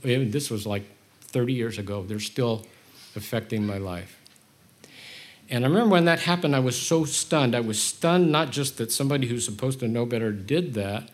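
Candid, animated male preacher. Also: medium pitch, normal speed. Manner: candid and self-deprecating, with animated emotional swings. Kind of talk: conversational sermon.

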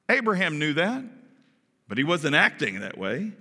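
A man preaching a sermon as pastor, animated and often asking his listeners questions. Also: fairly high pitch, normal speed, in a large hall. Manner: animated, asks the congregation questions.

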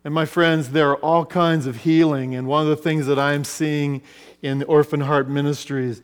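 A man preaching a sermon, telling stories and swinging between loud passages and hushed ones. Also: a little high, level tone, normal speed, clean tone. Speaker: pastor. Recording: long reverb of a large hall.

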